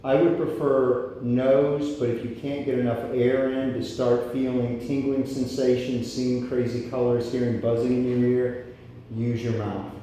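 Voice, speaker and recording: Mellow man coaching breathwork in echoey room. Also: medium pitch, measured pace, a little hiss or hum. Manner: steady rhythmic coaching cues. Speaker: breathwork instructor. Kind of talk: guided breathwork class. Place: workshop room with a group. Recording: echoey room from a distant mic.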